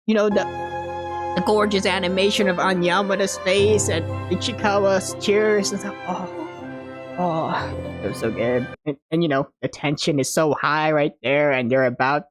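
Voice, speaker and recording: A young woman reviewing an anime, gushing and emotional, tacking "man" and "dude" onto her phrases. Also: lowish voice. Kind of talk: casual unscripted review.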